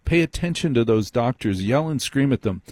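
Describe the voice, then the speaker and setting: A man's voice: mid-range voice, lively intonation, moderate pace, darkish tone, no echo. Man, radio talk host, wry, teasing, dry studio sound. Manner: wry, teasing, interrupts callers. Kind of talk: late-night call-in radio. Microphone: studio microphone.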